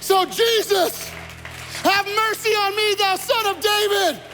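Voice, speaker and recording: Blind beggar crying for mercy, a preacher acts him out. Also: male voice, extremely high pitch, fairly even intonation, slow pace, voice pushed up. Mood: pleading. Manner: pleading, crying out loudly. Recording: long church reverb with faint music.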